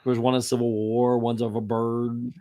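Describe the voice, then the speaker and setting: A man from Indiana hosting a casual chat, telling stories in an animated way and chuckling often. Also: medium pitch, normal speed. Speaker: podcast host.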